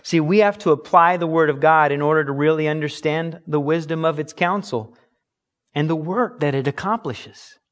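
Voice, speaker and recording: An earnest male pastor delivers a sermon with emphatic conviction. His voice sits a little higher than most men's. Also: normal speed. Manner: earnest, emphatic preaching with acted-out examples.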